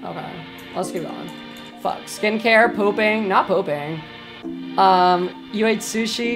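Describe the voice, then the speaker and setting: A young woman live-streaming a game, chatting with her chat, a little tipsy, swearing and shrieking when startled. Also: medium pitch. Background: game music.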